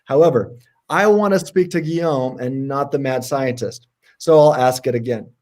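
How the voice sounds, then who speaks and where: A man co-hosting a casual livestream debate, talking in an animated, sarcastic way. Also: normal speed. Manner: animated and sarcastic, jumps in pitch for emphasis. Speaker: co-host.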